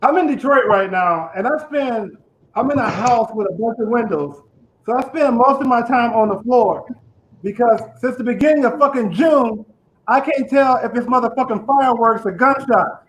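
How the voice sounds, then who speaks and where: A man's voice: very high-pitched, normal speed, fairly bright tone, a little hiss or hum, poor audio. A man with a lisp hosting an online comedy show, telling profane stand-up jokes and laughing at his own lines. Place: house in Detroit.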